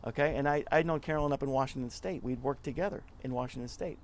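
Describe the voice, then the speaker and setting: A middle-aged man, a nonprofit club leader, giving a casual interview and telling stories in a lively way, often acting out what people said. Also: medium pitch, fast, slight background noise. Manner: chatty, animated storyteller who acts out quotes.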